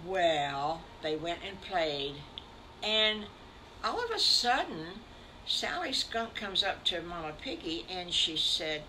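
An older woman telling a made-up story to children, animated and talking straight to the boys and girls. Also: fairly low pitch, slow pace, background noise. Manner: warm, animated, addresses children.

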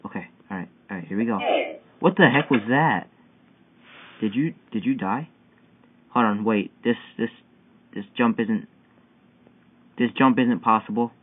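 A young man giving excitable, frustrated commentary while playing a parkour game, yelping at each failed jump. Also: fairly low pitch, measured pace, long pauses. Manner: excitable, yelping and whining at failures. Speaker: gamer. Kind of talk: gameplay commentary. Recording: tinny phone-like mic with faint hiss.

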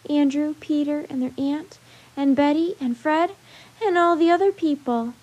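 A woman's voice: high voice, moderate pace, a little mellow, pitched above the performer's own voice, lightly acted, poor audio. A woman reading the part of a curious, eager young girl in a storybook.

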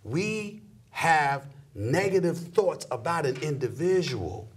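Emphatic husky man, lively swooping pitch. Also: takes it slowly. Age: middle-aged. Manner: emphatic, preachy, swings from low growl to high exclamations. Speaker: sports commentator guest. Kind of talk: animated interview talk.

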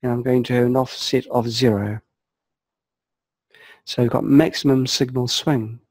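A man calmly narrating a software walkthrough step by step, explaining each setting as he clicks through it. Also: medium pitch, normal speed, dry recording, poor audio. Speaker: software tutorial presenter. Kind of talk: screen-recorded software walkthrough.

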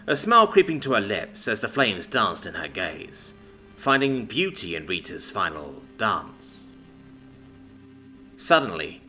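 A man giving a scripted, expressive dramatic reading of a fantasy story. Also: lowish voice. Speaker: story narrator. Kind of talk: scripted narration.

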